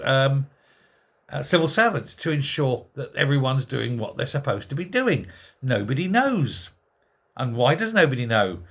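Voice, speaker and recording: A man's voice: mid-range voice, fairly bright tone, slightly rough. Sarcastic man ranting about politics. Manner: sarcastic, exasperated, rhetorical questions. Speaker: political commentary host. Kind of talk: ranting monologue.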